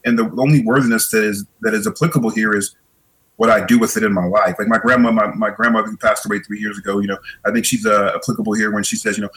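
A man's voice: fairly low pitch, fairly even intonation, fast talker, a bit bright, poor audio. A middle-aged man, a podcast guest, talking reflectively in a casual conversation and often repeating words as he thinks.

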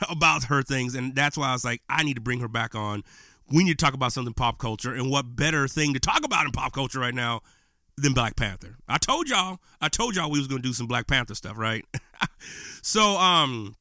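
A man's voice: medium pitch, pushed and bright, no room sound, studio quality. A man hosting his own podcast, talking in an impassioned, preachy and slangy way in a casual monologue. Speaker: podcast host. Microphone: podcast microphone.

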